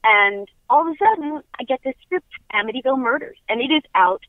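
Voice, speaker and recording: A woman's voice: high voice, expressive, brisk, no echo. Brief: middle-aged woman from Long Island, bubbly phone guest, dry, tinny line. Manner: upbeat, chatty, laughs often. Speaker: guest actress. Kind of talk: casual phone interview. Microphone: telephone.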